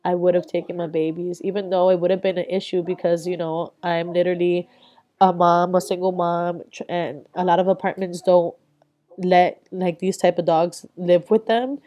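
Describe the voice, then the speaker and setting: A woman's voice: on the low side, little pitch movement, normal speed, warm tone, lo-fi sound. A young adult woman vlogger giving a candid, reflective voice-over, casual and swearing freely.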